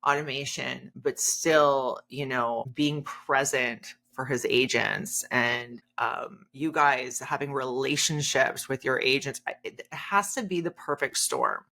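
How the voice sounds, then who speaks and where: A woman hosting an interview, enthusiastic and effusive, talking in quick bursts. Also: a bass voice, pushed and bright. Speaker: interview host. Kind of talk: casual interview talk.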